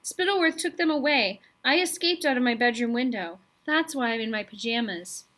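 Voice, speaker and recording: A frightened boy in a storybook, high and bright, stammering through his tears and trying to sound fierce, as a woman reading aloud puts him on. His voice wavers and catches on words. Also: expressive, moderate pace. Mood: pleading. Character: frightened sobbing boy, shivering and defiant.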